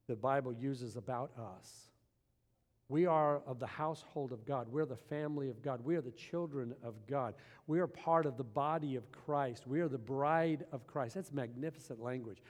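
A man's voice: medium pitch, normal speed, darkish tone. A man preaching a sermon with emphasis, often posing rhetorical questions to his congregation. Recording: long hall reverb.

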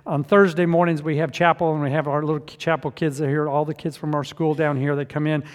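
A man preaching a sermon as pastor in a church, swinging from hushed to loud and emphatic. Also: a little high, flat delivery, fast. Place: church sanctuary. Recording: long reverb of a church hall.

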